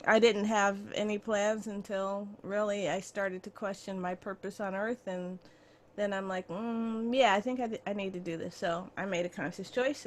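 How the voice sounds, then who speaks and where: A woman in her forties speaking on a video-call panel in a humorous, storytelling way. She puts on little voices when she quotes her own thoughts. Her tone is mid-pitched and chatty. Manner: humorous, acts out inner voices. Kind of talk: casual panel talk.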